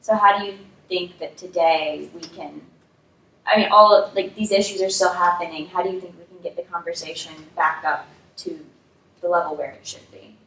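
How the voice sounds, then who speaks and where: A woman's voice: lowish voice, steady tone, moderate pace, fairly bright tone. A young woman interviewing, asking thoughtful questions with hesitant, searching phrasing. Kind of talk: conversational question. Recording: roomy, distant mic with faint room noise.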